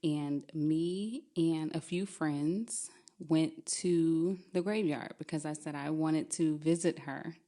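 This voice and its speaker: A young adult woman telling a true spooky story on a podcast, lively and often laughing as she talks. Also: deep voice, takes it slowly.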